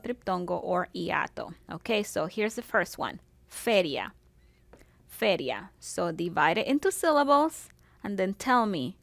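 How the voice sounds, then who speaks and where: Slow, patient woman teaching Spanish. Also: mid-range voice, a bit bright, no echo. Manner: slow, patient, spells out words syllable by syllable. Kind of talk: recorded classroom video lesson.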